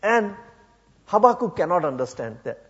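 Male preacher from India, halting then fervent, muffled recording. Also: sits high, sing-song. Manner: many fillers and restarts, rising to impassioned emphasis. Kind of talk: sermon. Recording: muffled sound with long hall reverb.

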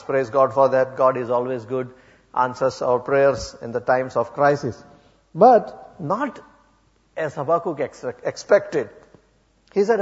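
A man from India preaching a sermon, hesitant with many fillers, rising to impassioned emphasis. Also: medium pitch. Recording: muffled sound with long hall reverb.

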